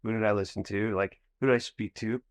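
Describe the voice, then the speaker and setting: A man's voice: on the low side, steady tone, fairly quick. A man hosting a podcast, explaining an idea casually by talking through examples as if thinking aloud. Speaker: podcast host. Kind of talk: casual conversation.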